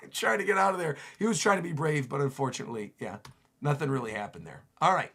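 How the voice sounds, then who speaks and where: A man streaming a manga chapter reaction, reading the panels aloud and reacting with excitement. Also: on the high side, fast talker, gravelly, husky. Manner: excitable, reads panels aloud with rising voices and laughs.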